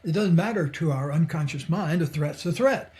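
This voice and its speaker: An older man, a psychologist and author, talking in a relaxed, reflective way as a podcast guest, chuckling often and acting out the people in his stories. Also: on the high side, normal speed. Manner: reflective, chuckles often, acts out quoted voices. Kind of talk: relaxed conversational storytelling.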